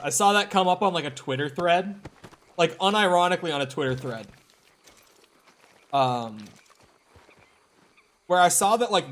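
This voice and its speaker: A man's voice: fairly high pitch, fairly bright tone, a little hiss or hum. A young American man streaming a game, rambling in casual chat, swearing often and filling his sentences with "like". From United States. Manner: rambling, profane, many fillers like "like".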